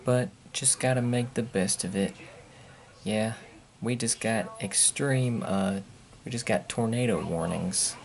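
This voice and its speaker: Man, casual vlog chat at home, slow and drawling, rambling and grumbling. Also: fairly low pitch, vocal fry. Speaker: vlogger. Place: at home indoors.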